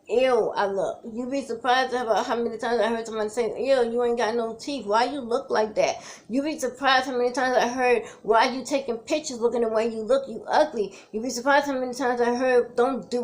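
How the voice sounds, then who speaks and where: A woman speaks in an earnest, emotional vlog, her voice sitting somewhat high. She repeats herself as she encourages her viewers through hardship, close to tears at moments. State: tearful at times. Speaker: cancer survivor vlogger. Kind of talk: heartfelt direct-to-camera vlog.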